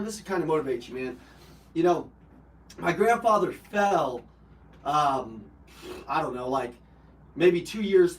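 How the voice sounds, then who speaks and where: A man hosting a live personal development call, telling an emotional personal story bluntly with swearing and fillers. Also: fairly high pitch. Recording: roomy, from a distance.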